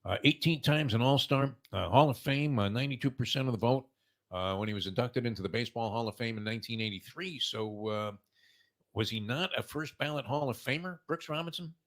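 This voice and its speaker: Sixties male host, bright tense tone, meandering anecdotal delivery. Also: medium pitch, a little fast. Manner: rambling storyteller, heavy "uh" fillers. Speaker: morning show host. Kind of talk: casual sports talk.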